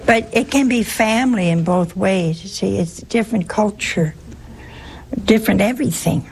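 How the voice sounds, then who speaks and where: A woman's voice: mid-range voice, normal speed, gravelly, a little hiss or hum. A woman, a religious sister, giving an informal, humorous spiritual talk full of anecdotes. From United States.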